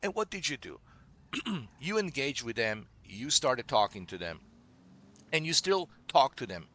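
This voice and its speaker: Guy on a stream ranting at someone, keeps saying dude, sharp bright tone. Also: mid-range voice, sing-song, measured pace. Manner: scolding, repetitive, calls listener dude. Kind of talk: ranting monologue to a viewer.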